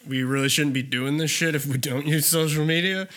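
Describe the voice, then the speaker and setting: A man's voice: on the high side, fairly even intonation, fairly quick, fairly bright tone. A man hosting a podcast, joking and swearing through loose banter in casual chat. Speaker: podcast host.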